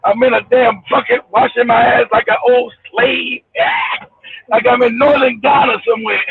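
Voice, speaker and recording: A man hosting a casual livestream from his car, ranting loudly and profanely, laughing and shouting as he tells a story. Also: extremely high pitch, steady tone, normal speed, vocal fry. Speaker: show host. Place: car, driving. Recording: tinny phone line with faint hiss.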